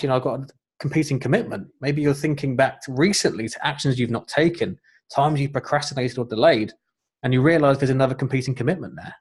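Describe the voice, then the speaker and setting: A middle-aged man, a life coach, giving an earnest, encouraging webinar talk with frequent fillers. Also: medium pitch. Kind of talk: webinar presentation.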